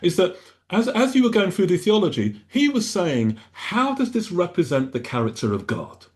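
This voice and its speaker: A man's voice: high voice, sing-song, normal speed, darkish tone. A male pastor talking earnestly on a radio panel, rambling and often restarting his sentences.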